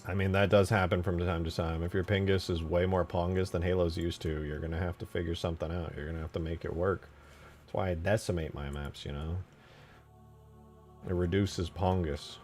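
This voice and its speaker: A man's voice: sits low, steady tone, a little fast, darkish tone, soft background music. A young man casually thinking aloud while modding a game, chatting loosely with viewers in an easygoing way. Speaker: game modder and channel host. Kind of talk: casual commentary while working.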